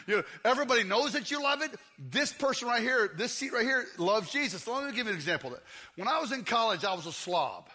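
A man preaching a lively, joking sermon in a church, often shouting out to the crowd. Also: sits high, slightly rough. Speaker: guest preacher. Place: church sanctuary.

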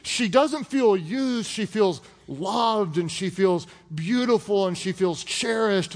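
A high-voiced man preaching to a congregation, casual and joking as he works through the text. His voice rings out with the long reverb of a large hall. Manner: animated, joking and conversational. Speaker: pastor. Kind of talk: sermon.

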